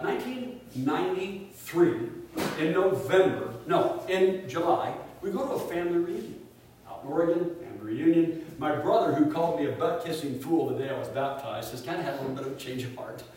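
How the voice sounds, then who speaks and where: Man preaching in an echoey room. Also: fairly high pitch. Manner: animated storyteller, drops to hushed tones for quoted family. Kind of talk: sermon, personal story. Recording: echoey room, speaker far from mic, faint hiss.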